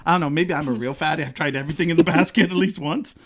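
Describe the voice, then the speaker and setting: A middle-aged man from Rhode Island hosting a podcast in casual chat, often laughing and slipping into silly voices. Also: very fast. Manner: animated, jumps into high silly voices when quoting, laughs often. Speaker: podcast host.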